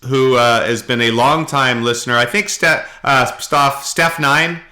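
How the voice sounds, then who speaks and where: A middle-aged man from Canada, co-hosting a podcast and telling animated anecdotes in casual chat. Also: medium pitch, measured pace. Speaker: podcast co-host.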